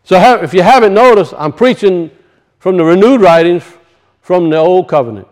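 High-voiced Cajun preacher. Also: male voice, expressive, normal speed, a little mellow. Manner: emphatic, questions the congregation, folksy dialect grammar. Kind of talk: sermon.

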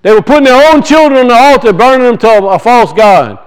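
A man's voice: extremely high pitch, big pitch swings, fast talker, clear, resonant tone, low-quality recording. A man preaching a sermon, teaching from scripture and emphatically asking and answering his own questions.

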